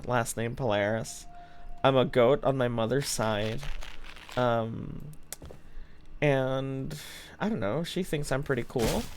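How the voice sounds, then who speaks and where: A young streamer talks to chat at an unhurried, drawn-out pace while playing. The humor is dry and offhand, with casual swearing tossed in. The voice sits at a middle pitch. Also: slight background noise. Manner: chats to viewers while playing.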